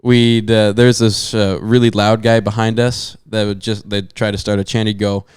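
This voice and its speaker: A man's voice: fairly low pitch, little pitch movement, normal speed, darkish tone, clear, resonant tone, no room sound, clean studio sound. A young man telling a long story to his podcast co-hosts, full of fillers and asides. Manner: rambling storyteller with many fillers. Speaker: podcast co-host. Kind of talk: casual chat.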